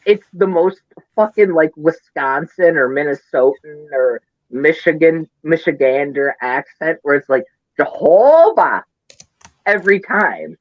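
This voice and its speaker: Man, Midwestern accent, podcast co-host, rambling, profane, flustered, highish voice, dry muffled sound. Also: measured pace, few pauses, no echo. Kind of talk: casual chat.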